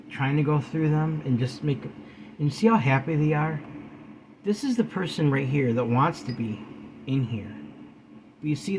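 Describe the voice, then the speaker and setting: A man's voice: mid-range voice, slight background noise, low-quality recording. A man giving an earnest, pleading talk to camera, calling his viewers guys and preaching kindness. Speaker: spiritual video host.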